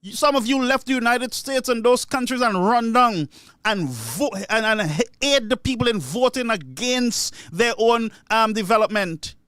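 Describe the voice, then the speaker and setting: High-voiced Caribbean man ranting. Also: lively intonation, measured pace, pushed and bright, clean tone, no room sound, studio quality. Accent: Caribbean English. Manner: indignant, ranting, repeats himself. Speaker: political commentator. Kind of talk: solo opinion monologue.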